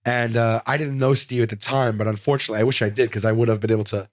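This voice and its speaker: A man in his forties, a comedian guest in an interview, telling stories in an animated, rambling way full of fillers and restarts. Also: medium pitch, very fast, no room sound, clean studio sound. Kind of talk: casual interview storytelling. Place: studio.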